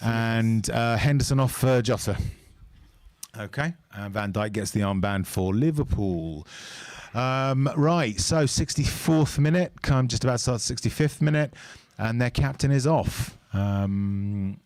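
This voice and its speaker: A man's voice: mid-range voice, a little slow, a little mellow, no room sound. A man co-hosting a fan channel's live match watch-along, chatting and offering opinionated analysis into a close mic.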